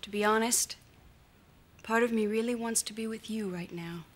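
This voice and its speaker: A woman's voice: on the high side, moderate pace, lightly acted. An actress playing a wistful, earnest young woman. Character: young woman dating an older rich man.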